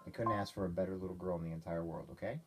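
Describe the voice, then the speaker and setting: A man talking to his young daughter at home at bedtime, loud and teasing, ending lines with "okay?". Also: low voice, very fast, loud music behind the voice. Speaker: father.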